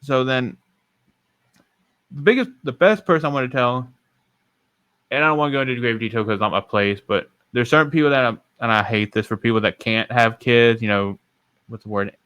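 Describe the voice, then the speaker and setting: A man's voice: mid-range voice, a little fast, long pauses, a bit bright, clean tone, dry recording. A young man hosting a podcast, telling a personal story in a rambling, self-correcting way. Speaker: podcast host. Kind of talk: casual storytelling.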